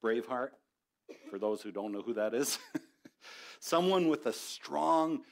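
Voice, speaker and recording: Conversational pastor preaching a sermon. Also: male voice, medium pitch, lively intonation, unhurried, gravelly. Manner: conversational, rising to passionate exhortation.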